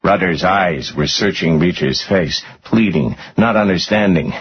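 A man narrating a thriller audiobook in a dramatic, expressive reading. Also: low voice, a little slow, slightly rough. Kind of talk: scripted narration. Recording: muffled lo-fi audio.

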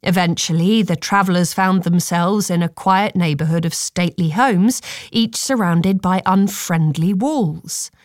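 Woman narrator, storybook reading, calm, measured, slow pace, dry sound. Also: fairly low pitch, dry recording.

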